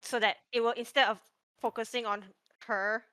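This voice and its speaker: A woman's voice: on the high side, fairly even intonation, moderate pace, pushed and bright, clear, resonant tone, dry recording. A woman playing a tabletop game, hesitant and trailing off as she declares her character's actions. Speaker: player.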